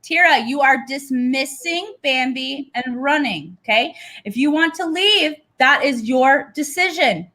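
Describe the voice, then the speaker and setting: A woman's voice: high-pitched, animated, measured pace, hardly any pauses, bright, forceful tone. A woman hosting a heated live stream, pleading with guests to stay on track and swearing under strain.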